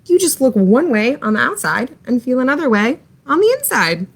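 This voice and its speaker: A woman doing Bunny Bear, an eager, soft-hearted bear. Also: high-pitched, very animated, normal speed, slightly rough, pitched above the performer's own voice, full character voice. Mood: earnest. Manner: bright, eager, earnest.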